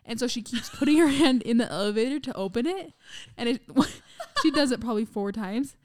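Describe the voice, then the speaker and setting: A teenage girl chatting casually with a friend, asking quick questions and laughing mid-sentence. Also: fairly high pitch, expressive, no echo. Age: teens. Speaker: co-host. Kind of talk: casual chat. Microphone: microphone.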